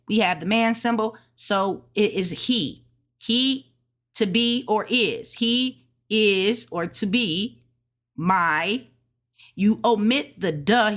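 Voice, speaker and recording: A woman casually explaining her study notes, sounding out words slowly and correcting herself. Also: mid-range voice, a bit bright. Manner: thinks aloud, self-correcting, sounds out tones slowly. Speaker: language learner sharing study notes. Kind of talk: casual study vlog lesson.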